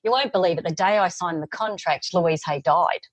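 Breathy animated woman storyteller. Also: on the low side, moderate pace, no room sound. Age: middle-aged. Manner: animated storyteller, lively acted-out quotes. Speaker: psychologist guest. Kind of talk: casual podcast interview.

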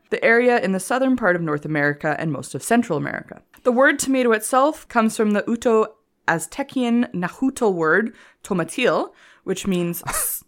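A woman co-hosting a casual comedy history podcast, reading her notes aloud and laughing often. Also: a little high. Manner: giggly, reads notes between jokes. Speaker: podcast co-host.

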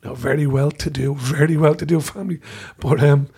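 A man with a Dublin accent telling lively stories in casual chat, laughing through his anecdotes. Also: a little high, a little fast, creaky, breathy edge. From Dublin, Ireland. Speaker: guest storyteller.

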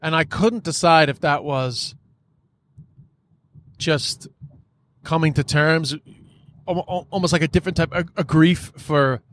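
A man's voice: a little high, steady tone, a little slow, long pauses, a little hiss or hum. A man hosting a podcast, talking in a casual, frustrated monologue, swearing often and filling his speech with "like" and "you know.". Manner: frustrated, profane, many fillers.

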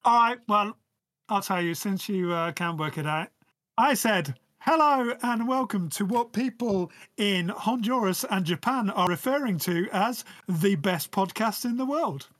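A man co-hosting a comedy podcast, talking in a deadpan, mock-confident way. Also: high-pitched, unhurried, no room sound. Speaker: podcast co-host. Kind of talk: casual comedic chat.

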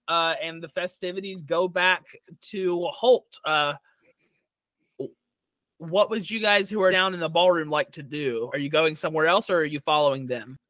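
A man narrating as dungeon master in a tabletop game, halting with many fillers and restarts. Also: sits high, steady tone, sharp tone, no room sound.

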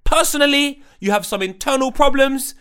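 A man's voice: very high voice, normal speed, a bit bright. A man co-hosting a podcast, ranting in brash, mocking, sweary casual chat. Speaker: podcast co-host.

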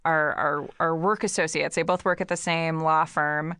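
A woman's voice: sits low, fairly even intonation, normal speed, fairly bright tone, clear, resonant tone, dry recording. A woman co-hosting a casual chat, retelling a movie plot in a rambling, giggly way, full of fillers and restarts. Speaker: podcast co-host.

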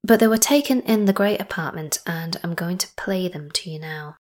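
A woman hosting a podcast, chatty and enthusiastic, sometimes dropping to a soft whisper. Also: on the low side, moderate pace. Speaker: podcast host. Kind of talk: casual podcast narration.

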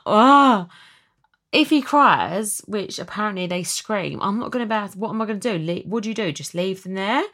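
A woman's voice: lowish voice, vocal fry, a bit bright. A woman hosting her podcast in emotional, chatty talk full of likes and ums. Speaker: podcast host. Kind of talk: casual chat.

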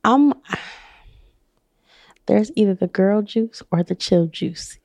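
A woman's voice: medium pitch, drawn-out words, creaky, darkish tone, no room sound. A woman with a Southern country twang, co-hosting a casual podcast chat, blunt and profane. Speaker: podcast co-host.

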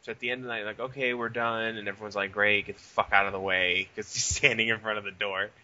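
A young man hosting a casual podcast, telling profane, animated stories with quoted dialogue. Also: lowish voice, fast, lo-fi sound. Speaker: podcast host.

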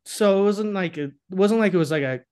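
High-voiced crude joking man. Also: quick pace, a little mellow, clean tone. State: lingering cough. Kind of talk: casual chat.

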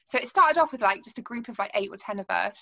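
A woman's voice: mid-range voice, lively intonation, fast talker, gravelly, pushed and bright, highs cut off. A woman with a Wiltshire accent, a guest on a podcast, chatting casually and laughing easily. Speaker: podcast guest and radio presenter. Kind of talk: casual chat.

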